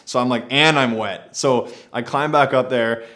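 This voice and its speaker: A man's voice: medium pitch, moderate pace, bright, forceful tone. A man telling a personal adventure story to camera in a laid-back, rambling way, often saying "like".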